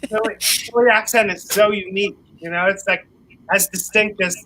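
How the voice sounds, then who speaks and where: A man's voice: high voice, steady tone, moderate pace, pushed and bright, a little hiss or hum, rough recording. A man, a musician guest chatting casually on a video call, laughing often and rambling with restarts. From Philadelphia area.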